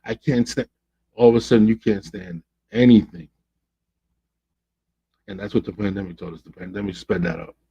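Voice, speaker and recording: A man's voice: lowish voice, moderate pace, vocal fry, pauses often, slightly rough, poor audio. A man hosting a podcast, telling a story in a casual, slangy way and acting out the people he quotes. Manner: animated, slangy, acts out quoted voices. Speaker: podcast host.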